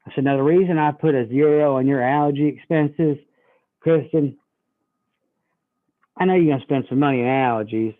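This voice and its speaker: A man coaching a sales team, talking in a folksy, animated way as he walks through a pitch to a customer. His voice sits a little high, and the recording sounds thin and tinny, like a phone line. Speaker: sales trainer. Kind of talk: sales training demonstration.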